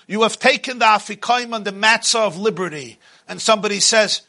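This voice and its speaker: A man teaching a religious class in an impassioned, dramatic way, swinging from loud to hushed. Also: sits high, fairly quick, few pauses.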